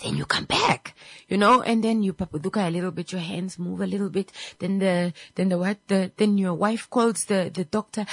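A woman telling a personal story in a casual, animated way, acting out the voices of the people in it and often repeating and restarting her words. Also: mid-range voice, normal speed, no echo. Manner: animated, acts out every character's voice.

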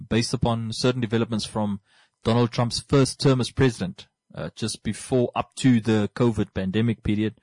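A man's voice: medium pitch, darkish tone, dry recording. A man hosting a podcast, talking casually about books in a rambling way, often restarting and repeating words. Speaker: podcast host.

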